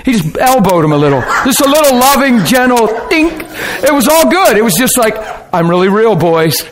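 Animated high-voiced man preaching. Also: moderate pace. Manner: animated storytelling with sound effects; preacherly, asks listeners questions. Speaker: pastor. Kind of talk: sermon.

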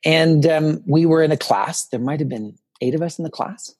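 A man in his fifties, a podcast guest telling personal stories in a lively way and acting out what people said to him. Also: on the high side, normal speed, slightly rough. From Canada. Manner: animated storyteller, acts out quoted dialogue. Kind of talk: personal storytelling in a podcast interview.

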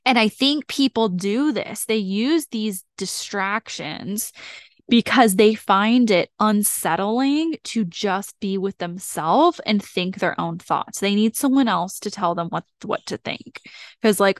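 A woman's voice: medium pitch, expressive, slow pace, no echo. Casual self-help podcast woman, dry sound. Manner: casual, frequent "like" fillers, encouraging and direct. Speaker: podcast host.

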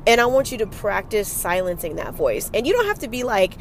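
A woman hosting a solo motivational podcast, talking in an energetic, emphatic and casual way with some swearing. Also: medium pitch, fairly quick, slight background noise. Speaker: podcast host.

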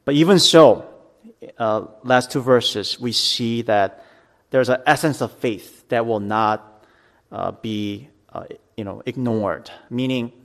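Slow, earnest male preacher. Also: mid-range voice. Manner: slow, earnest preaching with dramatic scripture reading. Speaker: pastor. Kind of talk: sermon.

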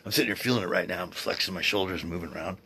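A man in his sixties hosting a podcast, rambling in a casual, excitable way, swearing freely and often restarting his sentences. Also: low voice, racing, a little hiss or hum. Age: 60s. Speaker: podcast host. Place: at home, seated.

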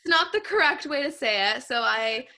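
A young college woman chatting casually and telling her stories in a thoughtful, relaxed way. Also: high voice, normal speed. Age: young adult. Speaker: college student. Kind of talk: casual chat.

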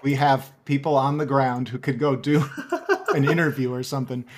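A man with a Wisconsin accent talking casually on a gaming podcast, animated and quick to laugh, with plenty of fillers. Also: medium pitch. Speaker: podcast host. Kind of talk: casual chat.

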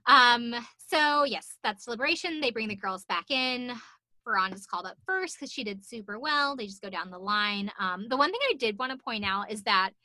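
A woman's voice: a little high, lively intonation, normal speed, pushed and bright, no echo. A young woman co-hosting a podcast, chatting casually about a show, swearing and laughing often. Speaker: podcast co-host. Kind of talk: casual recap chat.

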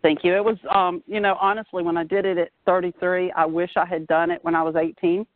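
A woman's voice: on the low side, flat delivery, fairly quick, dry recording. A woman in her forties talks earnestly and steadily about her work as a fire marshal. She is calling in on a phone from outdoors. The sound is tinny and dry, like a narrow phone line. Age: 40s. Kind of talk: casual phone interview. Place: outdoors at a playground.

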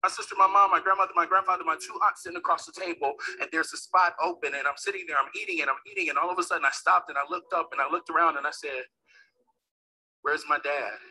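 A man's voice: fairly high pitch, rapid-fire, few pauses, slightly rough, rough recording. A man giving a dramatic motivational speech, telling a personal story and acting out the quoted voices. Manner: acts out quoted voices, builds to shouts. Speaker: motivational speaker.

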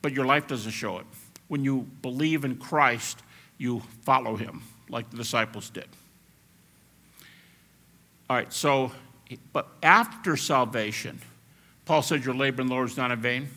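A man preaching a sermon as pastor, animated and at times shouting as he acts out quotes. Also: medium pitch, a little slow, long pauses.

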